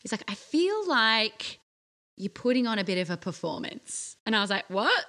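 Bright-voiced woman telling a story. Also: moderate pace. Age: 30s. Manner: animated storytelling, acting out quotes in a low voice. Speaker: podcast co-host. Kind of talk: casual chat.

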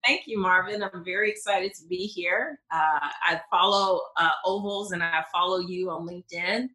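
A woman's voice: on the low side, normal speed, bright, forceful tone, roomy sound, poor audio. A woman from Mississippi with a Southern accent, a patent attorney talking enthusiastically as a podcast guest, with many fillers and restarts. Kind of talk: podcast interview.

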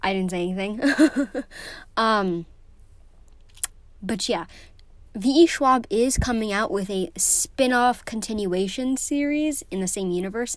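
A woman's voice: medium pitch, slow pace, dry recording. Teen girl vlogger, emotional and effusive, filler-heavy casual delivery, mid-range voice, dry close recording. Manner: gushing and emotional, many fillers. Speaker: book vlogger. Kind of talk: casual vlog chat.

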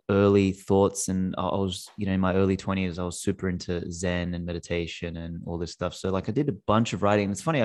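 A man in his thirties, a podcast guest, answering in a rambling, casual way full of restarts and "like". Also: sits low. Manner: rambling, restarts, lots of fillers like "like".

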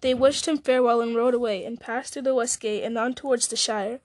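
Woman reading a novel aloud, fairly high voice, dry close sound, small slips. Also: a little fast, no echo. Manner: steady, with small slips and restarts. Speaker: audiobook reader.

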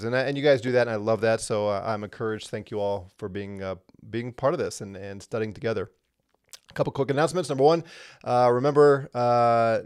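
A man teaching a livestreamed Bible lesson in a conversational, animated way, with frequent fillers and emphatic stresses. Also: mid-range voice, dry recording, clean studio sound.

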